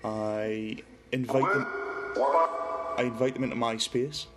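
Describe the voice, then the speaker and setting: Heavy background noise surrounds this middle-aged man with a Geordie accent, from Newcastle in northeast England, whose medium-pitched voice stays steady at a measured pace. He chats casually on a paranormal livestream, reading comments from viewers and addressing a spirit box.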